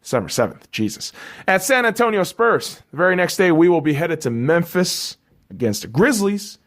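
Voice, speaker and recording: Profane, fired-up male sports podcaster. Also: normal speed. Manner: heated, swearing constantly, drops low and flat reading scores. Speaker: podcast host.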